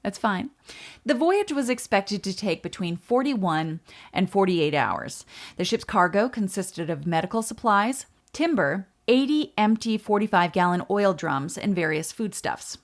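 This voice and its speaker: A woman's voice: medium pitch, measured pace. Woman telling a history story. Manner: lively narration with asides and laughs. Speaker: podcast co-host.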